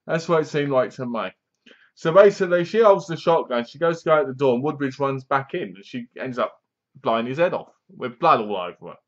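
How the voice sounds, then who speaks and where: A man recapping a horror film's plot in a rambling, casual way, dropping his voice low to quote the characters. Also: a bit bright, dull audio. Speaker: film reviewer.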